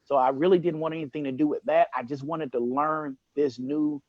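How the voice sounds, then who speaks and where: Measured man speaking on a video call. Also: fairly high pitch, highs cut off. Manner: relaxed, measured, hesitant with fillers. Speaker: co-host and group leader. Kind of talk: personal background talk on a call. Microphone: computer mic on a video call.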